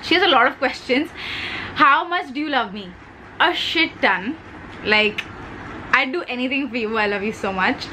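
A woman's voice: high voice, moderate pace, long pauses, bright, forceful tone, slight background noise, low-quality recording. A young woman with an Indian English accent chatting casually as a beauty vlogger while she does her makeup, playful and talkative, dropping Hindi words.

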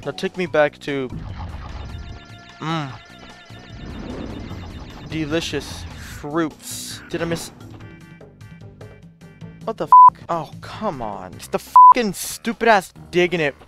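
Slow and full of pauses, this let's play gamer's high-leaning voice still moves with lively intonation. Game music runs underneath while he plays, casually commenting, swearing often, and muttering in frustration.

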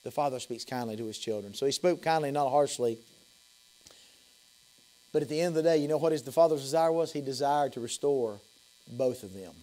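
A man, a pastor preaching an evening sermon in a church. His preaching swings between high, loud passages and soft, low ones, and he often repeats and restarts phrases. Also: a little fast, pauses often, low-quality recording. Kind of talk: evening sermon with altar call. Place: church sanctuary.

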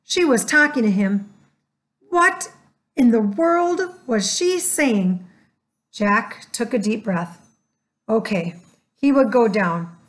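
A woman narrating a children's chapter book aloud, expressive and doing voices for the characters. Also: fairly high pitch, slow pace, long pauses. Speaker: audiobook narrator.

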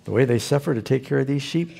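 Gravelly, husky preacher man. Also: mid-range voice, fast talker, dark tone. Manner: folksy storytelling preacher. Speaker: pastor. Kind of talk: sermon.

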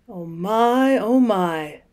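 A woman voicing an excitable, timid young male mole in a storybook reading, speaking softly and breathlessly. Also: on the high side, normal speed. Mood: amazed.

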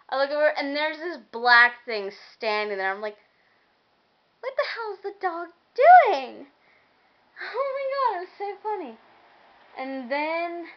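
A young woman talks straight to her webcam in a loose, rambling vlog, griping about her week and swearing freely. Her voice sits a little high. The sound is dull and lo-fi, like a cheap built-in mic. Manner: rambling, venting, swearing, laughing often. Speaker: vlogger. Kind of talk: casual vlog chat.

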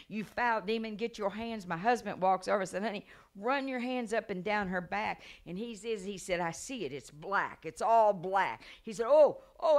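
A middle-aged woman evangelist preaching a revival sermon, telling stories with acted-out voices and rising to a loud preaching cadence. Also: medium pitch. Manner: animated storytelling, acts out voices and gasps.

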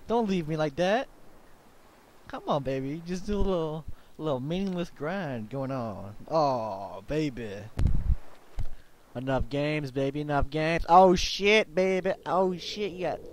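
A man's voice: on the high side, measured pace. A man taunting other players in a mocking, teasing drawl over voice chat. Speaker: game trolling video host. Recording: noisy voice chat capture.

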